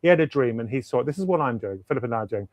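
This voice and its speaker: A man's voice: mid-range voice, animated, racing, no room sound, muffled recording. A man, a guest author chatting enthusiastically in an interview over a video call, rambling and repeating himself for emphasis. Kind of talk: casual interview chat.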